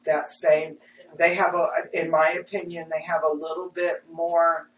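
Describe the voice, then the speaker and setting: Frank, lively woman in her fifties, distant roomy mic. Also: low-pitched, unhurried, a little hiss or hum. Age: 50s. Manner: frank, animated, laughs often. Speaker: intuitive reader and healer. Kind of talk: casual chat. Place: studio room.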